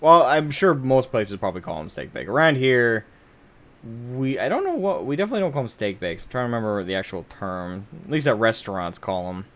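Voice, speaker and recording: A man's voice: mid-range voice, big pitch swings, brisk, fairly bright tone. A man streaming a game live, chatting casually with viewers, rambling and correcting himself as he jokes with the chat. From United States.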